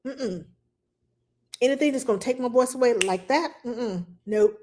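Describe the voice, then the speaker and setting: A woman's voice: fairly high pitch, normal speed, a little mellow. A woman hosting a casual advice talk for parents, telling stories chattily with many fillers and asides. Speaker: childcare advice host.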